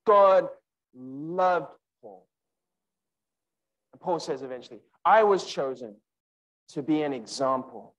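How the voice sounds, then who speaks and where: A man giving an emphatic sermon at a student conference, speaking directly to listeners by name and slowing down to repeat key lines. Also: poor audio. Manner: animated and emphatic, with wide pitch swings.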